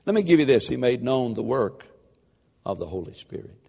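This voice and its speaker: A man preaching a sermon, fervent and building to shouted emphasis. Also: mid-range voice, sing-song, brisk, creaky, slightly rough, long reverb tail.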